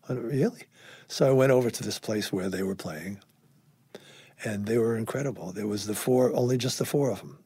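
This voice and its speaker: Older man, husky low voice, dry close sound, lively anecdotal storytelling. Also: no echo. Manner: animated, acts out quoted dialogue, swears casually. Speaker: guest musician.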